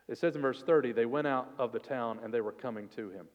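A man preaching a sermon as pastor, earnest and expressive, sometimes dropping to a soft, intimate tone. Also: mid-range voice, fast talker, lo-fi sound. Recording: long reverb of a hall.

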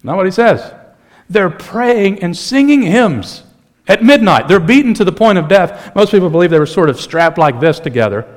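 A male pastor delivers a sermon in an animated, conversational style. He mixes humor into the preaching and speaks with a slightly high voice.

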